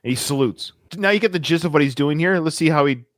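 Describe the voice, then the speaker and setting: A man co-hosting a podcast, talking in a sarcastic, animated way and laughing often. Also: on the high side, quick pace, no room sound, clean studio sound. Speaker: podcast co-host. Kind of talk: casual podcast chat.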